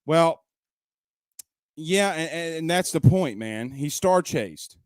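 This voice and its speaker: A man's voice: a little high, lively intonation, slow pace, smooth, no echo, clean studio sound. Punchy, emphatic male sports talk host. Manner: emphatic, repeats points, fires off rhetorical questions. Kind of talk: opinionated sports talk commentary. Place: at home.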